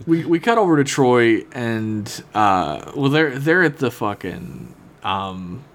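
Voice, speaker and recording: A man's voice: medium pitch, very animated, takes it slowly. A young man co-hosting a casual comedic podcast, retelling an episode in a rambling, profane way. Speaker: podcast co-host. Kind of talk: casual comedic recap chat.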